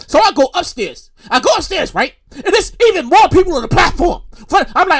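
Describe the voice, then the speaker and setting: High, lively New man ranting. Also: fast talker, hardly any pauses. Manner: animated, profane ranting with repetition. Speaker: podcast host. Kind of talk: casual storytelling.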